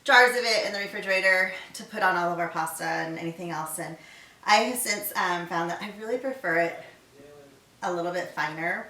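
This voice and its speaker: A woman's voice: fairly low pitch, bright, forceful tone. A middle-aged woman chef hosting a casual cooking video in her home kitchen, chatting and talking herself through each step as she works. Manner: chatty, talks to herself while working. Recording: echoey kitchen from far off, clattering dishes. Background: clinking cutlery, pots and pans.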